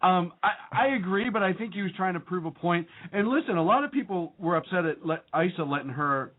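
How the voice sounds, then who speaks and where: A man's voice: sits high, expressive, brisk. A man co-hosting a casual political talk show, speaking in an earnest, opinionated way. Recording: phone-like lo-fi sound.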